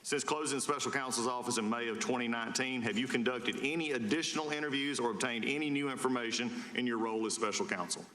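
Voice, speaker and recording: Fast, bright-voiced man questioning. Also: mid-range voice. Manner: fast-talking, pressing, repeats points slowly. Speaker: congressman questioning a witness. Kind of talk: hearing testimony questioning. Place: large hearing room. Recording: echoey hearing room.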